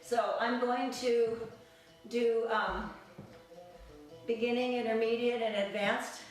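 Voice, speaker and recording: A woman's voice: on the high side, steady tone, takes it slowly. Upbeat woman dance teacher counting beats. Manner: counts beats aloud while cueing moves; encouraging and upbeat. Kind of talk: leading a live dance class. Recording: very echoey room, mic far off. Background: music playing.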